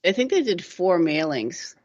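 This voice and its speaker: Her voice lowish, sing-song, unhurried and a little mellow, a middle-aged woman co-hosting a radio talk show tells laughing, rambling stories packed with "like." The recording has a dull lo-fi radio sound.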